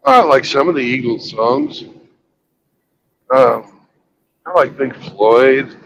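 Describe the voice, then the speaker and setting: A man hosting a casual live stream from a car on the highway, blunt and matter-of-fact. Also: slow pace, creaky, fairly bright tone, lo-fi sound, a little hiss or hum. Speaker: livestream host.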